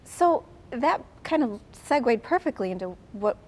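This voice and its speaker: A woman's voice: a little high, sing-song, a little slow. A woman host interviewing a guest, encouraging him with frequent agreeing interjections.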